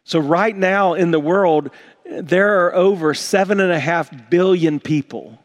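A pastor with a high-pitched, unhurried voice preaches to his congregation. He is earnest and emphatic, often repeating words and starting over.

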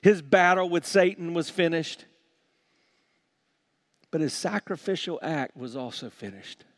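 A man preaching a sermon as pastor, swinging from quiet, slow lines to loud, shouted ones. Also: a little high, lively intonation, no room sound, studio quality.

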